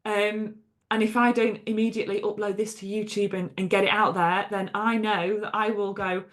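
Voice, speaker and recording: Speaking at a normal speed in a mid-range, level voice, an English coach hosts her own podcast without a script. Her solo monologue is chatty and emphatic, loaded with fillers, frequent "okay?" asides, and frank swearing.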